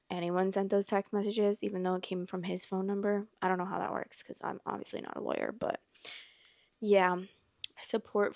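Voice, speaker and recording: A woman's voice: mid-range voice, gravelly, a little mellow, dry recording, clean studio sound. A young woman from Iowa, hosting and casually reading online stories aloud with blunt, chatty reactions. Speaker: host.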